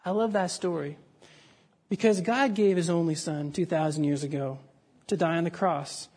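A man's voice: on the high side, normal speed, a little mellow, breathy edge. A man preaching a sermon, telling a story with dramatic rises and falls. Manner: dramatic storytelling, voices raised for the crowd.

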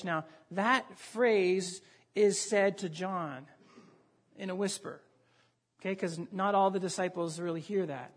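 A man with a fairly high, husky voice preaching a sermon. He talks conversationally and with animation, often restarting mid-sentence as he works through the passage. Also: takes it slowly, pauses often. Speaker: pastor.

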